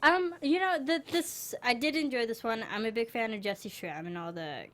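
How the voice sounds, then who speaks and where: A woman co-hosting a casual review show about TV holiday movies, bubbly and quick to trail off mid-sentence. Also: a little high, fairly bright tone, slight background noise.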